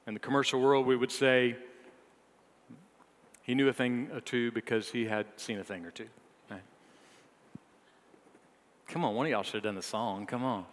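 A man preaching a sermon, rising to emphatic peaks, then dropping low, with playful asides to the congregation. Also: steady tone, normal speed, long pauses, slight background noise. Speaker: pastor. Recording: long hall reverb.

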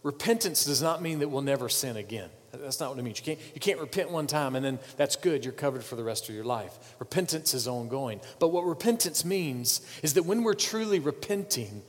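A man preaching a sermon as a pastor, swinging from loud urging to hushed pleading and repeating words for weight. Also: mid-range voice, expressive, fairly quick, hardly any pauses, in a large hall.

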